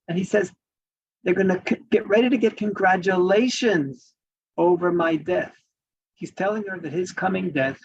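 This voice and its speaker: Gravelly earnest man, lo-fi sound. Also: a little high. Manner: earnest, emphatic, with frequent restarts. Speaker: advocacy speaker. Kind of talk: spoken presentation reading quoted examples. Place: in Washington. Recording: dull lo-fi recording.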